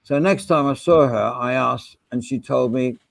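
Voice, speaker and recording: A man's voice: mid-range voice, normal speed, gravelly, no room sound. A man chatting casually on a live stream, rambling and laughing over a few beers, with the hiccups. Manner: rambling, laughing, swearing, drinking beer.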